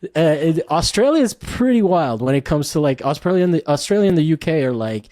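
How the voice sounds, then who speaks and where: A man's voice: on the high side, very animated, brisk, dark tone, no room sound, studio quality. A man of Cuban heritage hosting a podcast, chatting casually in a jokey, rambling way with many restarts. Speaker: podcast host.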